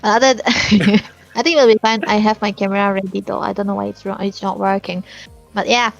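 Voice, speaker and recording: A woman casting live esports, chatty and excitable, breaking into giggles as she breaks down the game. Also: mid-range voice, fairly quick, gravelly, lo-fi sound, faint music behind. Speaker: esports caster and analyst.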